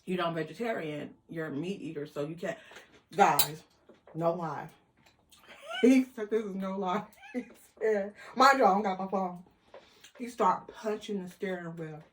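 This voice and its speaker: Animated woman telling a story. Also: lowish voice, measured pace, long pauses, slight background noise. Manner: animated, quotes people in voices, laughs. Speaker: vlogger. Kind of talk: casual storytelling.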